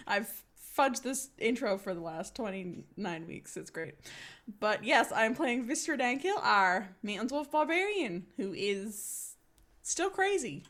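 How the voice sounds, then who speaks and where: A woman with a New Zealand accent and a lively, bouncing pitch, chatting before a tabletop game. She is laid-back and pokes fun at herself. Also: measured pace. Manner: laid-back, self-mocking. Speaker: player. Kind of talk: casual chat and self-introduction.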